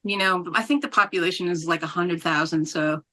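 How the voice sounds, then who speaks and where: A woman's voice: lowish voice, steady tone, a little fast, a bit bright. A woman from New Mexico, a metal band singer, chatting animatedly as a podcast guest, laughing often and swearing casually. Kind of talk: casual interview chat.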